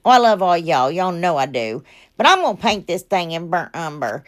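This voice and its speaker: A chatty woman hosting a homemade craft vlog and talking straight to her viewers. She rambles from project to project, pokes fun at her own slip-ups and pleads warmly for subscribers. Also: on the low side, sing-song, normal speed. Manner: self-deprecating, laughs at her own mistakes. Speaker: craft channel host. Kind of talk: casual DIY crafting vlog.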